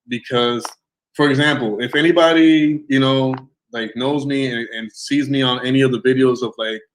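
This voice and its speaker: Casual male interview host, relaxed and chatty, mid-pitched voice. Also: slight background noise, rough recording. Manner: relaxed, easygoing, often trails off with fillers.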